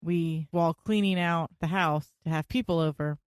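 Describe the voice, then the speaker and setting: A young woman co-hosting a podcast, telling family stories in a chatty, animated way. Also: sits low, normal speed, clear, resonant tone, no echo, clean studio sound. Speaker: podcast co-host. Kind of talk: casual chat.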